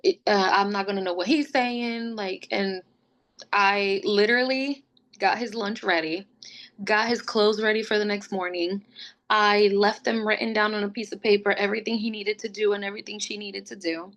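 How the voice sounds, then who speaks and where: A woman's voice: mid-range voice, normal speed. A young woman, a podcast guest, telling a personal story casually and acting out what others said. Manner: animated, acts out quotes of others.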